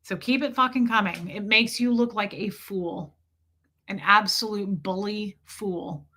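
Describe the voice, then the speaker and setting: A woman's voice: mid-range voice, unhurried, bright, forceful tone. A middle-aged woman hosting a livestream, talking bluntly and defiantly, with frequent swearing. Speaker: livestream host. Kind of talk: casual livestream talk.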